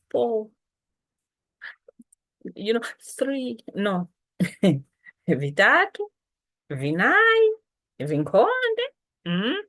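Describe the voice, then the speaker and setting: A woman teaching words of her language patiently, repeating each term slowly. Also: on the low side, fairly bright tone. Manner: patient, explains slowly with repetition. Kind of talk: language lesson.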